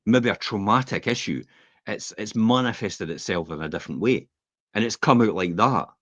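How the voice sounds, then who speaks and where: This Scottish podcast co-host has a lowish voice at normal speed and tells rambling, animated stories, acting out the quotes in casual anecdotal chat. There's no room sound, and the podcast audio is dull and slightly lo-fi.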